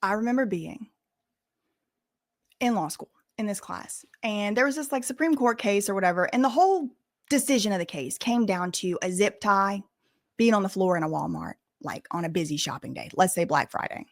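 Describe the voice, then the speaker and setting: A young woman hosting a casual commentary channel, talking straight to viewers in an animated, emphatic way and using y'all and casual slang. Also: mid-range voice, moderate pace.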